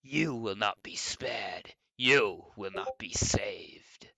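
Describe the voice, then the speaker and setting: Man putting on a menacing animatronic rabbit: strained throat, slow, bright dry sound. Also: on the low side, expressive, vocal fry, husky, dry recording, exaggerated voice.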